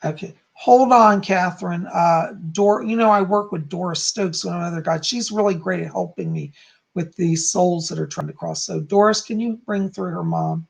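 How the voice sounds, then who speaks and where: Gravelly husky psychic man. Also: high voice, moderate pace. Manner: chatty, answers viewers one by one. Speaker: psychic medium. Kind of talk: live psychic readings for viewers.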